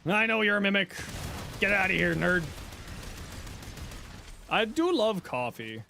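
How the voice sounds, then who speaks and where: A man live-streams a game and keeps up a loose running commentary, yelping and muttering to himself as the action turns. His voice sits high and swings all over the place. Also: measured pace, vocal fry, a little hiss or hum. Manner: animated, exclaiming and talking to himself while playing. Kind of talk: casual live gameplay commentary.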